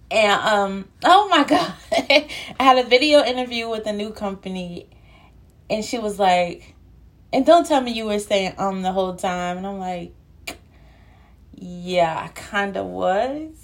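Young woman podcast host, winded and breathy, loose playful chatter, lots of filler ums. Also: medium pitch. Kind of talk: casual solo podcast chat.

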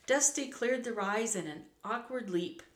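A woman narrating a children's storybook aloud in a measured, clear, expressive way. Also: on the high side. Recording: roomy echo, faint background hum.

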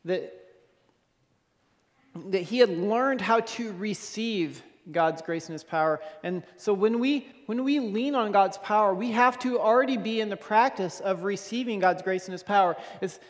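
High-voiced man preaching in a hall. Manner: earnest, repeats words and asks "okay?". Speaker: pastor. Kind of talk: sermon.

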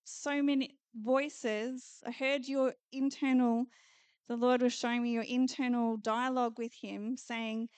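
A woman's voice: fairly high pitch, little pitch movement, measured pace, a little mellow, clean tone, no echo. A woman preaching prophetically at a church conference, declaring promises over the listeners in earnest, repeated phrases. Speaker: conference speaker.

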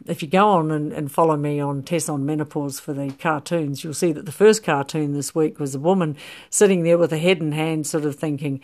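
A woman's voice: low voice, steady tone, brisk, a little mellow. A middle-aged woman coaching on menopause health in a rambling, casual talk full of ums and restarts.

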